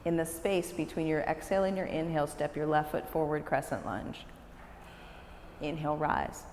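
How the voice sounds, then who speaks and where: A woman, a yoga teacher leading a live class with slow, calm cues and encouraging asides. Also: low-pitched, a little hiss or hum. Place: yoga studio, large room. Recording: echoey studio recorded live from a distance.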